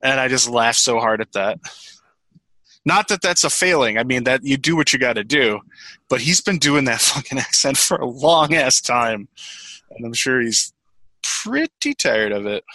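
A man with a bright, forceful voice, chatting casually on a podcast. He talks animatedly and rambles, swears freely and restarts his sentences. The recording is close and dry. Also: mid-range voice, expressive, moderate pace, no room sound, rough recording. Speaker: podcast co-host. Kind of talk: casual chat.

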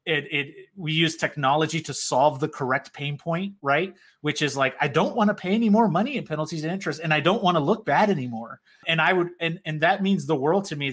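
A man's voice: a little high, fairly bright tone. A man in a casual business conversation, talking loosely about accounting work with lots of "like" and "right?" fillers. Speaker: payroll software company representative.

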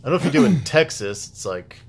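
A man's voice: fairly high pitch, big pitch swings, rapid-fire. A man hosting a podcast, chatting casually in a laid-back, rambling way and laughing often. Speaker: podcast host. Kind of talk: casual chat.

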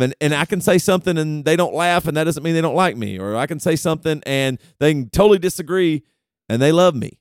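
A man's voice: a little high, quick pace, no echo, clean studio sound. A man co-hosting a casual podcast chat, telling stories and acting out his own inner voice. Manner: animated storytelling, acts out his own inner voice. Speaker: podcast co-host.

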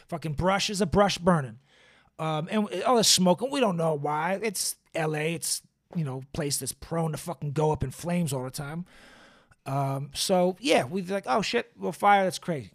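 A man talks through a casual solo podcast in a slightly higher-than-usual voice. He rambles and swears freely, padding his thoughts with fillers and restarts. He sounds like he is seated at a desk mic. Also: moderate pace. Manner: loose, profane, rambling with frequent fillers. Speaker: podcast host. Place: indoors, seated in a squeaky chair. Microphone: camera and studio mic.

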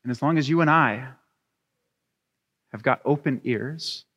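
A man's voice: medium pitch, unhurried, dull audio. Male pastor in a reverberant church. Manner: chatty, animated storytelling with laughs. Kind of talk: sermon with scripture reading. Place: church sanctuary. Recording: long reverb of a church hall.

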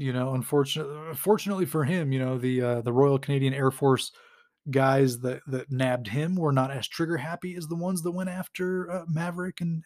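With a fairly high-pitched, slightly mellow voice, a man on a podcast recaps a comic story casually. His telling is rambling and amused, full of fillers and frequent chuckles.

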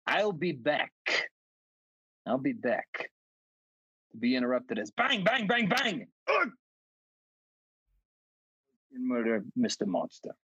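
A man reading a letter aloud while voicing a menacing, unhinged male killer who taunts police, slow and drawn out with sudden shouts. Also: mid-range voice, very animated, husky, no echo, heavily acted. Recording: slightly dull, dry recording.

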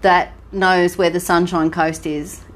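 An Australian woman co-hosting a podcast, telling a travel story in lively, casual chat. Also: lowish voice, takes it slowly. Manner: chatty, animated storytelling with laughs. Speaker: podcast co-host.

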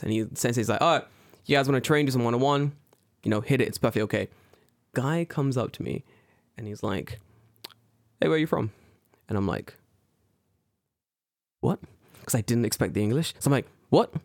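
A young man from the UK, co-hosting a casual podcast chat, telling stories in an animated, slangy way and acting out the people he quotes. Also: no echo, studio quality. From United Kingdom. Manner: animated storytelling, acts out quoted people with big pitch jumps; swears freely, slangy. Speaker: podcast co-host.

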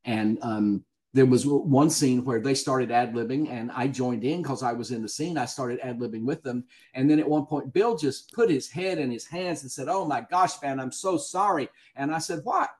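Southern male guest, chatty raconteur, laughs through his anecdotes, mid pitch. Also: normal speed, few pauses, dark tone. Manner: chatty storyteller, laughs often. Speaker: guest actor. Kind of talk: casual podcast interview.

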